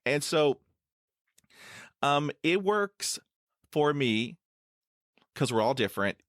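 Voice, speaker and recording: A man's voice: on the high side, animated, slow pace, fairly bright tone, no room sound, clean studio sound. A middle-aged man hosting an interview podcast, stuttering with blocks and repeated sounds, and filling his talk with "you know". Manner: many "you know" fillers, laughs easily. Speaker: podcast host. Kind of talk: casual conversational interview.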